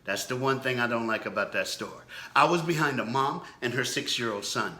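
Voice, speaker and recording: Bright-voiced preacher telling a story. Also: male voice, mid-range voice, a little fast, reverberant. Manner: storytelling, conversational, urging the listeners. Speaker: pastor. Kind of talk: sermon. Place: church.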